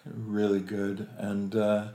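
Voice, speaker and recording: A man's voice: on the low side, takes it slowly, roomy sound. A man telling an anecdote as an interview guest, acting out the lines of the people in his story and laughing often. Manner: animated, acts out quoted voices, laughs often.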